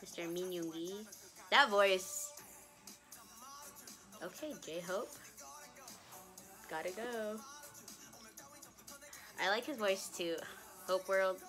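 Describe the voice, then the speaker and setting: A young woman vlogger chats casually in a reaction video while seated at home, gushing and breaking into laughs and gasps. Her mid-range voice stretches out words, and she leaves long pauses. A music video plays faintly behind her.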